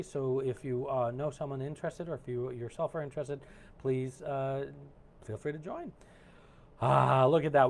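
A man coaching and hosting a live online session over a video call, talking casually with lots of fillers and restarts. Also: medium pitch. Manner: animated, warm-hearted, rambling with many fillers. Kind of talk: casual live-stream talk.

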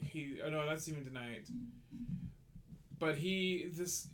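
A man's voice: fairly high pitch, takes it slowly, a bit bright. A man co-hosting a movie podcast, casually chiming in with hesitant restarts. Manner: offhand, interjecting, hesitant restarts. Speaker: podcast co-host.

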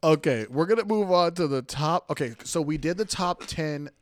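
A man's voice: a little high, animated, normal speed, no room sound, clean studio sound. A married man co-hosting a podcast, laid-back and laughing often. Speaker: podcast co-host. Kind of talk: casual podcast banter.

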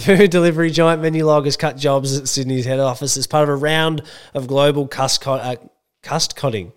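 Blunt Australian man, smooth voice. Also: on the high side, steady tone, normal speed, fairly bright tone. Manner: blunt, sweary, joking. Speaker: podcast co-host. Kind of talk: casual chat and news reading.

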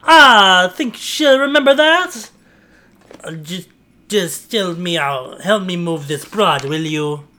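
Casting: a man doing a loud teen thug, put-on accent, high and forceful. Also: expressive, slow pace, heavily acted. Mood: brash. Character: brash teenage male masked burglar. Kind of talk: amateur read-aloud with character voices.

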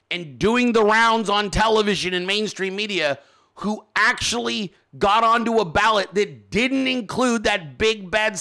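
A man hosts a political commentary show in a bright, sharp voice pitched high for a man. He rants hard, mocking his targets and swearing freely. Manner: profane, mocking, ranting. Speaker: show host.

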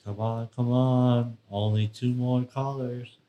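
A male co-host with an everyday mid-pitched voice. He chimes in with quick jokes and ribbing while the calls come in. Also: flat delivery, muffled recording, a little hiss or hum. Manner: joking, needling asides. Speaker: podcast co-host. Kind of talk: casual call-in banter.

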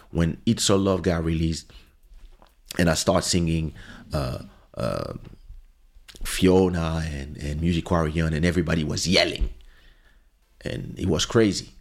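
A man talks casually into a studio microphone, in a low voice. He tells a long story with frequent restarts and quick acted-out quotes. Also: a little mellow. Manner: conversational, with fillers and restarts, acting out quoted lines. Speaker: podcast host.

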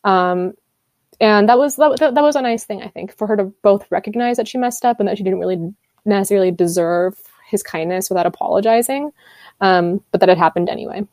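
A woman's voice: medium pitch, a little fast, a little mellow, no room sound. Chatty young woman, dry close sound. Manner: chatty, laughs often, playful sarcasm. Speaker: podcast co-host. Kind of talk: casual chat.

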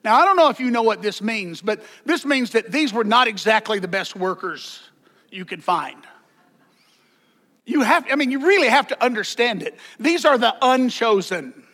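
A man's voice: extremely high pitch, very animated, normal speed, sharp tone. A man preaching a sermon as pastor, conversational, with joking asides and repeated words.

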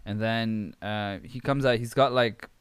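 Young male podcast host, casual rambling recap style, clear voice, dead-dry recording. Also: fairly low pitch, fairly even intonation, measured pace, dry recording. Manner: rambling, filler-heavy, amused.

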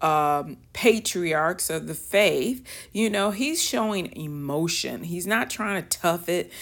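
A woman with a fairly low voice leads a relaxed Bible study. She reads passages aloud with lively emphasis and then chats through what they mean. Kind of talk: casual Bible study teaching.

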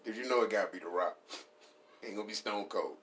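A man ranting casually and profanely for laughs, rambling, laughing at his own jokes and jumping into high put-on voices. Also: fast talker, fairly bright tone. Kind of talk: casual comedic rant.

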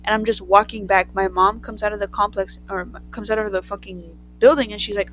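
A young woman from Southern California telling a crude, profane, animated story in casual chat among friends. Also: mid-range voice, fast talker, hardly any pauses, faint music behind, low-quality recording.

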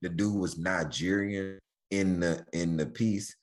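A man from Houston, a comedian guest telling stories in lively chat and slipping into mock voices. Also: unhurried. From Houston, Texas. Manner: lively, mimics other voices, big pitch swings. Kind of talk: animated storytelling chat.

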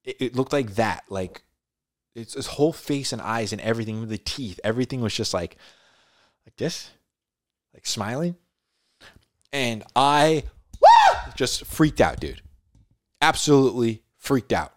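A laid-back man retells a story for his podcast, loose and chatty, dramatic pauses between phrases. His voice sits at an ordinary middle pitch. The recording is dry and close, with no room sound. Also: lively intonation, no room sound. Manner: laid-back, peppers speech with "dude" and "like". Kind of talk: casual storytelling.

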